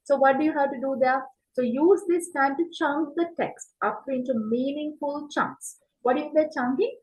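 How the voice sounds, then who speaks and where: Woman teaching, fairly high voice. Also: moderate pace, a little mellow, rough recording. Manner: explains step by step, asks and answers her own questions; frequent fillers and checks like "right?". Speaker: exam prep teacher. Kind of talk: online class lecture.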